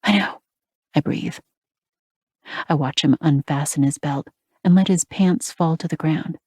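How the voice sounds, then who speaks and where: A woman narrating a first-person romance audiobook in a breathy, half-whispered, intimate way, close to the mic. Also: deep voice, fairly even intonation, measured pace, mellow, no room sound.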